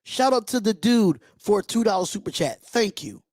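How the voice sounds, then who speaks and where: Speaking at normal speed, the high-pitched livestream host has a darkish, expressive tone as he reacts as a fan with blunt passion and frequent swearing. The studio sound is clean, with no room sound.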